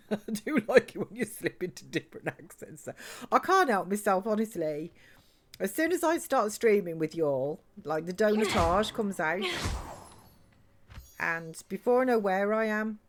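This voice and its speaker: A woman's voice: mid-range voice, very animated, moderate pace. A woman chatting and giggling while livestreaming a video game. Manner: chatty, giggly, reads chat aloud. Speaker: game streamer. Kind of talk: live let's-play chat.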